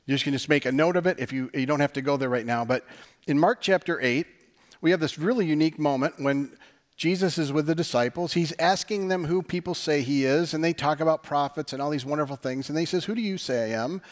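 A man's voice: a little high, brisk. A man preaching a sermon as pastor, talking conversationally, asking the audience rhetorical questions and using dry sarcastic humor.

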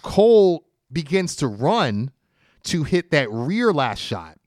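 A man's voice: fairly high pitch, very animated, slow, a little mellow, dry recording. A man co-hosting a casual podcast, giving a detailed play-by-play recap with frequent filler words. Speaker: podcast co-host. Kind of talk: casual wrestling podcast chat.

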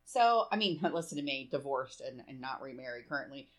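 A woman's voice: extremely low pitch, expressive, brisk. A woman co-hosting a casual chat, speaking candidly and frankly, laughing often and swearing. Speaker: podcast co-host.

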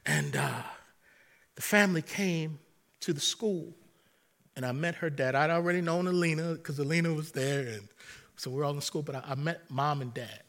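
Bright-voiced animated pastor preaching. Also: male voice, a little high, moderate pace. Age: middle-aged. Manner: animated preaching with storytelling and humor. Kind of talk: sermon.

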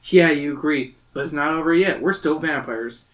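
A man's voice: fairly high pitch, moderate pace. Young man reading a gamebook aloud. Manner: profane, laughing, animated character voices in reading. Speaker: podcast host.

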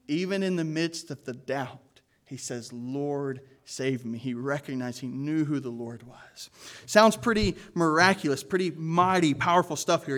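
A man preaching a sermon as pastor, earnest and emphatic, with casual asides to the congregation. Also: fairly high pitch.

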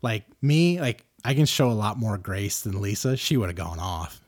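A middle-aged man hosting a podcast, telling a story casually and getting animated and louder as he gets worked up. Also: fairly low pitch, normal speed, dry recording, studio quality. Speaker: podcast host.

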